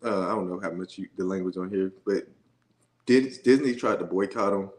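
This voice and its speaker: A man in casual podcast chat, relaxed and chiming in with short agreements. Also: sits low, normal speed.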